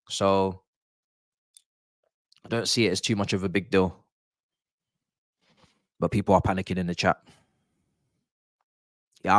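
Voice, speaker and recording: A young man, doing excited, slangy live commentary for a football watch-along stream, repeating himself as he reacts. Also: mid-range voice, no echo, studio quality.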